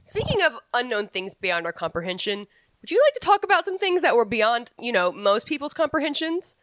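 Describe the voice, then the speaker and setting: A young woman, co-hosting a podcast and telling stories in a playful, animated way. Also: fairly high pitch, fairly quick, dry recording. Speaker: podcast co-host. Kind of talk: casual podcast chat.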